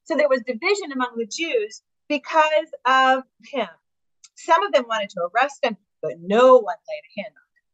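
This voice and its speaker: A woman's voice: high voice, expressive, moderate pace, fairly bright tone, dry recording, low-quality recording. A woman teaching a Bible study, reading scripture aloud and adding her own enthusiastic comments, with some fillers and restarts.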